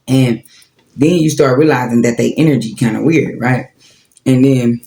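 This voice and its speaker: A man's voice: mid-range voice, normal speed, mellow. A man in his forties giving a casual, preachy spiritual talk with slang and profanity, repeating his points. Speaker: spiritual vlogger.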